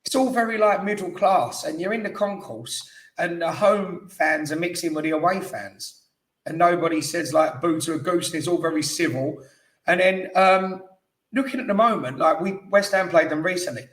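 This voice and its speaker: A man co-hosts a casual football podcast, easygoing and joking, with plenty of asides. His voice sits slightly high. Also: moderate pace, a bit bright. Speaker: podcast co-host.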